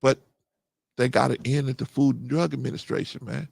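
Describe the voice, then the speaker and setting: A middle-aged man, hosting a casual livestream, reading chat and getting animated as he agrees. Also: brisk, gravelly, breathy edge, dry recording. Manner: animated, rising to excited high pitch when agreeing. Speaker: host.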